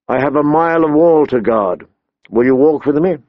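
A man voicing an earnest young man on guard duty, plain and steady, in a dull, dry lo-fi recording. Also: a little high, normal speed, no room sound, lightly acted.

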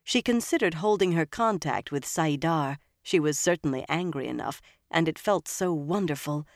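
An audiobook narrator reading a fantasy novel in a steady, measured way. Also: medium pitch, no room sound, studio quality. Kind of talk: scripted narration.

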